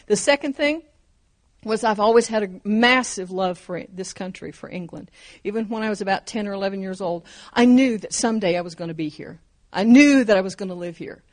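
A woman's voice: medium pitch, brisk. A woman in her fifties or older preaching a sermon, fervent and emphatic, driving her points home with repeated phrases.

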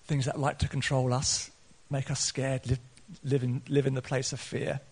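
A man preaching a sermon, earnest, laughing often, and rising to excited peaks. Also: mid-range voice, moderate pace, breathy edge. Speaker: pastor.

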